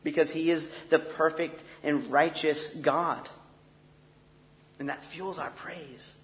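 A man's voice: fairly high pitch, steady tone, slow pace, a bit bright, slight background noise. A man preaching a sermon in an earnest, conversational way, often restarting phrases. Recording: long echo of a large hall.

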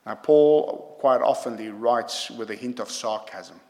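A man's voice: medium pitch, a little slow, darkish tone. A man preaching a sermon to a congregation, emphatic and punctuating his points with "yeah?". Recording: long hall reverb.

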